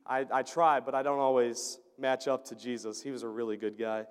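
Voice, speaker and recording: A man's voice: mid-range voice, little pitch movement, smooth. Earnest man telling stories in a reverberant hall. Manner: earnest, halting, repeats words, chuckles often. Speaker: churchgoer giving a mission trip update. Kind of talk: storytelling sermon testimony. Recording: long reverb of a large hall.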